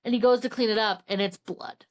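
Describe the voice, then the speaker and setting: High-voiced young woman recapping a thriller. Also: brisk. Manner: animated, acts out characters' lines, swears casually. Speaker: podcast co-host. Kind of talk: casual book recap chat.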